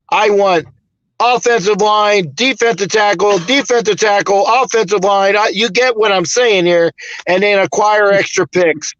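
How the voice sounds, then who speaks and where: A man with a high, bright voice rambles through casual sports chat, emphatic and a little profane. The sound is close and dry, with no room around it. It comes through dull lo-fi call audio. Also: dry recording. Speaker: podcast host.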